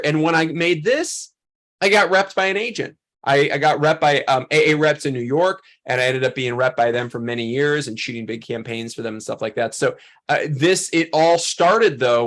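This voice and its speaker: A man teaching a photography workshop, telling a story in an animated, chatty way full of "like" and "um". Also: mid-range voice. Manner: animated, chatty, heavy use of "like" and "um". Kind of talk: storytelling lesson to a class.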